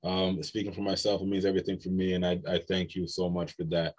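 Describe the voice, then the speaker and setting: Male panelist, very low monotone voice, hesitant and self-deprecating. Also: quick pace. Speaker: panelist poet. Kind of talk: panel discussion.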